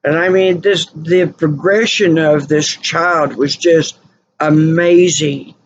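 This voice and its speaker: Woman, slow rambling storyteller, repeats herself, muffled lo-fi sound, faint hiss. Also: low-pitched, fairly even intonation. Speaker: channel host. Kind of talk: casual storytelling monologue. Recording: dull lo-fi recording with faint noise.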